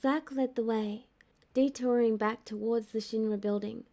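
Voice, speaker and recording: A woman narrating a fan-fiction audiobook in a calm, even storytelling manner. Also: fairly high pitch, normal speed.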